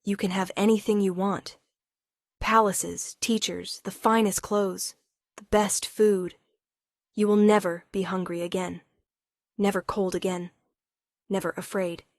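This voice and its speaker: A woman voicing a powerful, scarred wolf king who speaks in a hushed, broken, emotional way. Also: mid-range voice, level tone, a little slow, pauses often, dry recording, clean studio sound, natural voice. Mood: tender. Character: powerful scarred male wolf king, grieving yet tender.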